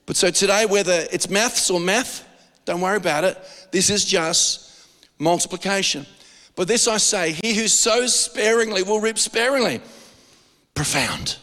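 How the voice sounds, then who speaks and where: A man with an Australian accent preaching a sermon as pastor, animated and joking, with frequent restarts. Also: high-pitched, normal speed, big-room sound.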